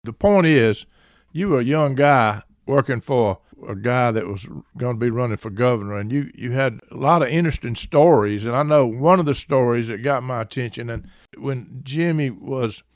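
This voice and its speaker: A man hosting an interview, asking questions and warmly affirming his guest's points. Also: mid-range voice, normal speed, no echo, studio quality. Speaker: podcast host.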